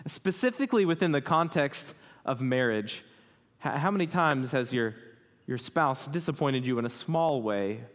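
A man's voice: fairly high pitch, fairly bright tone. A man in his thirties, a pastor preaching a sermon in a conversational way, often asking the congregation questions. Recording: hall reverb.

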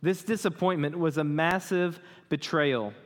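Male pastor, thirties, slightly high voice, conversational sermon, long hall reverb. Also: unhurried. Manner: conversational, asks the congregation questions.

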